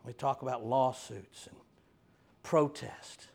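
A middle-aged man, preaching a sermon with animated swings from quiet talk to loud fervor. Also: mid-range voice, takes it slowly, creaky.

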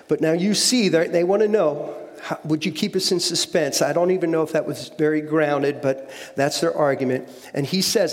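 Man, guest preacher, conversational sermon, slightly high voice, long hall reverb. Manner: conversational, repeats words, asks the audience questions. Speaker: guest speaker.

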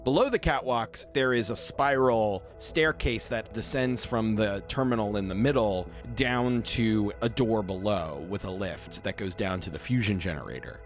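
A man narrates a science-fiction tabletop game as its game master, lingering on nerdy technical detail. His voice sits low, and a faint bed of music plays behind him. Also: moderate pace, few pauses. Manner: descriptive, nerdy, laughs often.

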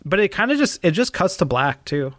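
A man's voice: high voice, very animated, brisk, no room sound, studio quality. A man in casual podcast chat, laid-back and agreeable, often saying yeah. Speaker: co-host.

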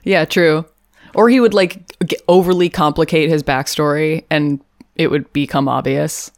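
Speaking at a normal speed in a deep voice with fairly even intonation, a woman co-hosting a podcast casually recaps a TV episode. She jokes around, laughs a lot, and uses plenty of fillers, all in a dry, clean studio recording.

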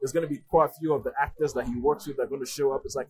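A man's voice: mid-range voice, steady tone, rapid-fire. A man hosting a casual radio film segment, joking and stumbling over his starts. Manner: joking, repeats words when starting. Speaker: radio host.

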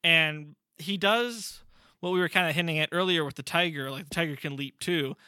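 Bright, lively-voiced man chatting casually. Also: fairly high pitch, smooth, no room sound, clean studio sound. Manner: animated, acts out characters in quick bursts. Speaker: podcast co-host. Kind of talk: casual chat recapping a comic.

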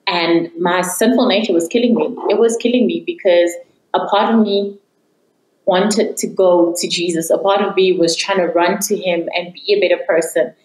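A woman's voice: fairly low pitch, steady tone, normal speed, darkish tone. A young woman earnestly telling her personal faith testimony as an interview guest. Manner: earnest, reflective storytelling. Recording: echoey room.

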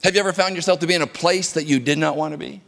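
A man's voice: a little high, rapid-fire, creaky, fairly bright tone. A man preaching a sermon as pastor, earnest and conversational, often repeating words as he goes. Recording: long reverb of a hall.

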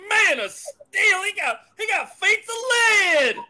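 A man doing a shouty, cocky Flash. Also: very high voice, very animated, a little slow, heavily acted.

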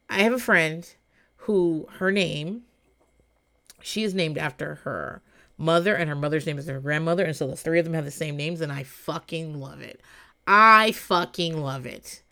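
A woman's voice: on the low side, bright, forceful tone, smooth. A woman hosting a podcast, giving casual, profane true-crime commentary full of laughing asides. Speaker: podcast host.

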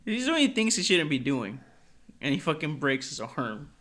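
Young guy co-hosting casual chat, very animated pitch, slangy, laughs a lot. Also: moderate pace. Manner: laughs often, slangy, says "dude".

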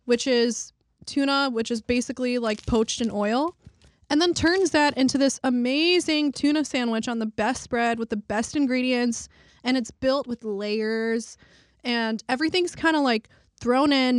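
Chatty woman with a high voice. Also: no echo, studio quality. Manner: rambling, chatty, with slang. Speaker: podcast co-host. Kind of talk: casual chat.

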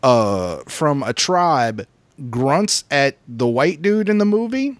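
A man's voice: medium pitch, big pitch swings, slow pace, no echo. A man co-hosting a comedy podcast, telling a profane story with acted-out quotes. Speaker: podcast co-host.

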